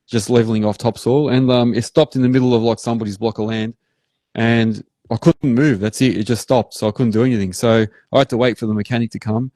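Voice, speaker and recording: An Australian man hosting a live show, rambling through animated work stories in casual chat. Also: mid-range voice, no room sound. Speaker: host.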